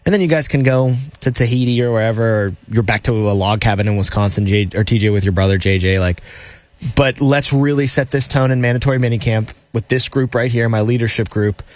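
A man co-hosting a casual sports podcast, talking fast and playfully and slipping into quick coach impressions. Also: mid-range voice, no echo.

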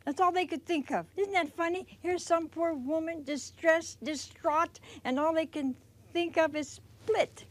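Woman preacher, high voice, folksy, animated storytelling, acts out quotes. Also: unhurried, no echo. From Italian heritage. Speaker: religious teacher. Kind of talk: televised sermon talk.

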